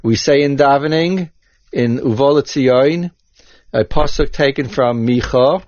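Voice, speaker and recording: Slow careful man explaining hebrew grammar, ashkenazi hebrew sounds, dull lo-fi audio. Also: mid-range voice, no room sound. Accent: Ashkenazi Hebrew pronunciation. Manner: measured, deliberate, spells out terms. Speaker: Torah teacher. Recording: dull, dry lo-fi recording.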